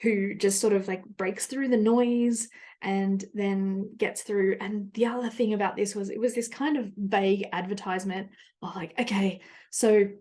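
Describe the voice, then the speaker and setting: A woman's voice: mid-range voice, steady tone, normal speed, mellow. A woman with an Australian accent, a podcast host, telling a personal story in a chatty, rambling way, full of tangents and acted-out quotes of her own thoughts.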